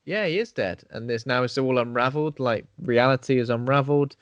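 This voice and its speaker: A man's voice: medium pitch, brisk, smooth, no room sound, muffled recording. A man co-hosting a casual horror film podcast over a video call, joking and acting out characters in silly voices. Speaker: podcast co-host. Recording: dry close-mic sound.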